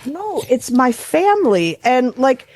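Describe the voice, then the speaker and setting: A woman's voice: high-pitched, very animated, slow pace, a little mellow. A woman from Buffalo, New York, co-hosting a podcast, telling rambling stories in casual chat and swearing freely. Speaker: podcast co-host.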